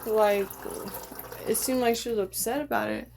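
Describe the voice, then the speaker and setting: A young woman vents in a candid home vlog. She is blunt and frustrated, and she swears freely. Her voice sits at a middle pitch, with clear background noise underneath. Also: sing-song, normal speed, darkish tone. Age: young adult. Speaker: vlogger.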